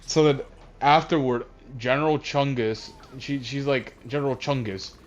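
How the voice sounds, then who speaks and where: A man casually recapping a movie while playing a game, rambling and halting, often distracted. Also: mid-range voice, faint music behind. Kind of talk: casual chat. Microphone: console voice chat headset. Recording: dull lo-fi voice chat audio.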